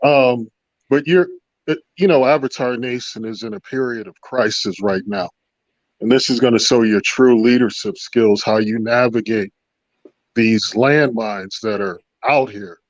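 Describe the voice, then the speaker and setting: A man's voice: medium pitch, a little slow, no echo. A man calling into a livestream, giving the host advice and speaking to the audience at home. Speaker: caller. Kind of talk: casual call-in commentary. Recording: dull lo-fi call audio.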